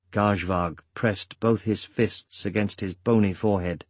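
A man reading an audiobook as narrator, measured and steady, with a husky voice. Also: on the low side, no echo. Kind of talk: scripted narration.

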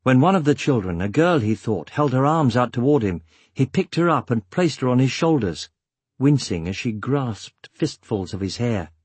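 Husky man narrating a story. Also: mid-range voice, dry recording. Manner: measured, steady storytelling. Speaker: audiobook narrator. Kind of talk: scripted narration.

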